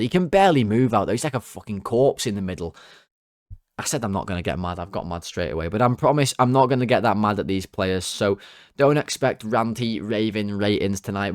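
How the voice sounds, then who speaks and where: A young man hosting a football fan channel, ranting casually and swearing, his voice leaping high when he gets worked up. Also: dry recording, clean studio sound. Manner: exasperated, swears, jumps to high excited pitch when worked up.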